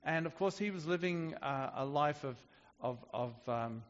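A man's voice: fairly high pitch, animated, unhurried, long reverb tail, highs cut off. A man preaching a sermon in a conversational way, often restarting his sentences. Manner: conversational with frequent restarts and fillers.

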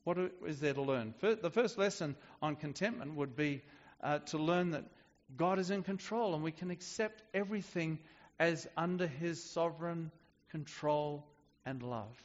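A man's voice: fairly high pitch, normal speed, dull audio. Preacher man in a reverberant hall. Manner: conversational with frequent restarts and fillers. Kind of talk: sermon.

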